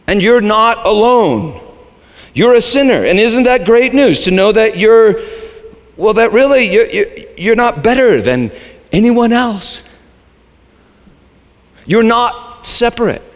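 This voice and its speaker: A man preaching a sermon as the pastor, shifting between quiet low asides and sudden high, shouted lines. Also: sing-song, measured pace, long reverb tail.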